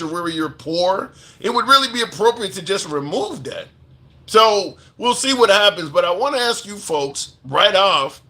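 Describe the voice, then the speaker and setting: A man hosting a live commentary stream speaks with indignant emphasis. He reads out viewer comments and repeats his points to drive them home. His voice sits high and sounds bright and forceful.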